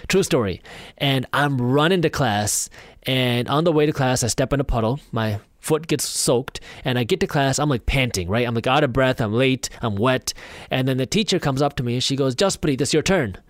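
A man's voice: medium pitch, moderate pace, dry recording, studio quality. A young man, a podcast guest, telling stories in a casual interview and acting out his own past thoughts. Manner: animated, acts out his own past thoughts and quoted voices.

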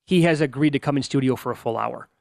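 A man's voice: mid-range voice, quick pace, gravelly, dry recording, studio quality. A young man co-hosting a sports betting show, chatty and teasing. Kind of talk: casual sports radio banter.

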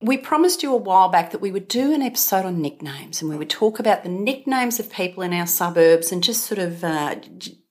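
A woman with an Australian accent, co-hosting a podcast and telling wry, deadpan stories in casual chat. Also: mid-range voice, a little fast, hardly any pauses. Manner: wry, storytelling, deadpan asides. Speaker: podcast co-host.

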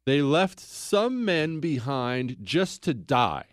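A man hosting a history podcast in a casual, conversational storytelling style. He keeps pulling the listener in with rhetorical questions. His voice sits at an ordinary pitch and sounds dry and close. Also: big pitch swings, slow, dry recording. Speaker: podcast host.

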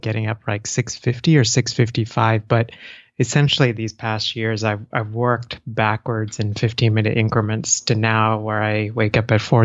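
Male interview guest, earnest and halting, slightly muffled dry audio. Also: mid-range voice, dry recording. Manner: earnest, restarts often, laughs lightly. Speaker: podcast guest, clinician. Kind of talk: casual interview chat.

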